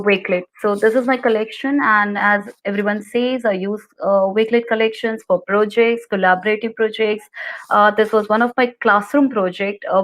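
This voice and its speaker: A woman's voice: mid-range voice, poor audio. A woman from India, an ICT teacher, walking viewers through a screen-share tutorial step by step over a video call. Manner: clear, step-by-step instructing.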